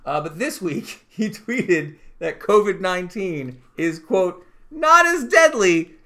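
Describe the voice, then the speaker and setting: A man with a high voice, speaking slowly, co-hosts a podcast in a casual chat. He's animated and laughs often while reading out news stories.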